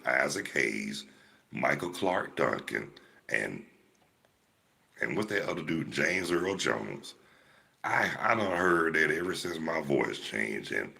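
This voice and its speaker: An older man from Georgia, US, hosts a livestream, telling laid-back, rambling stories to his live chat. His voice is a rumbling low, creaky, pushed and bright.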